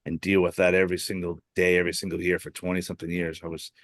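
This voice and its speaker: A podcast host from Boston, his voice low with little pitch movement, races through rambling stories in a casual interview chat. He leans heavily on "you know" and keeps restarting himself. The recording is dry.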